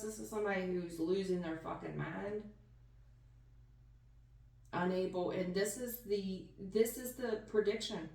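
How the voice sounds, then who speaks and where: A woman's voice: medium pitch, fairly even intonation, a little slow, creaky, pauses often, a little mellow. A woman gives a casual tarot reading in an emphatic, folksy manner, calling the listener hon and baby. Her voice sits in a middle range. She sounds distant from the mic, and the room echoes around her. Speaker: tarot reader.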